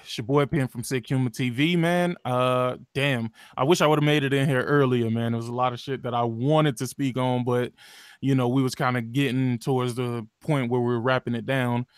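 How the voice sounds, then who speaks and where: A man's voice: mid-range voice, steady tone, moderate pace, smooth, dry recording, clean studio sound. A man on a gaming podcast panel, talking laid-back with casual slang.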